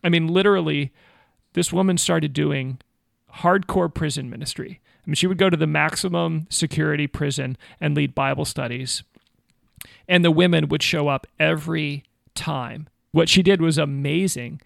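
Gravelly, animated male storyteller. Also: fairly high pitch, moderate pace, dry recording, clean studio sound. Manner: animated storyteller, acts out quotes. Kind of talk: casual faith talk with storytelling.

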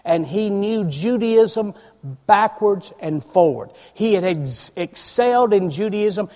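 A man's voice: sits high, dark tone. A man preaching a sermon, emphatic and asking his congregation questions. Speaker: pastor. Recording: long church reverb.

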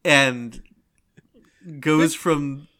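An animated man chatting as a podcast co-host, acting out scenes in quick bursts. His voice is bright and a little high. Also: clear, resonant tone. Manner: animated storyteller, quick bursts, laughs often. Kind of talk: casual chat retelling scenes.

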